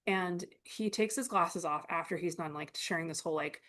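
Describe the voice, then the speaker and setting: A woman's voice: fairly low pitch, normal speed. A young woman co-hosting a podcast, recapping a film in casual chat and acting out lines from its scenes. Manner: animated retelling, quoting scenes in character. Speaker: podcast co-host.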